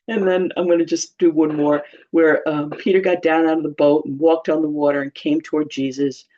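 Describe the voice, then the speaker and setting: This woman's deep, mellow voice keeps a steady tone at a moderate pace. She teaches the Bible at church in a relaxed, funny, talkative way and laughs a lot. The sound is slightly dull and lo-fi.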